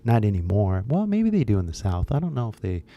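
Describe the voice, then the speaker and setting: Blunt Californian man with a gravelly voice. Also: lowish voice, very animated, brisk, lo-fi sound. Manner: blunt, rambling, switches between Japanese and English. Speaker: English-teaching YouTuber. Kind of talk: casual talk to viewers.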